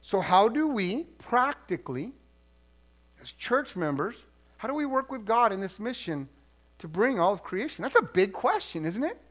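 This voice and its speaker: Male pastor, high and bright voice, chatty, animated sermon delivery. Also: moderate pace. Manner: animated, conversational, repeats words as he restarts phrases.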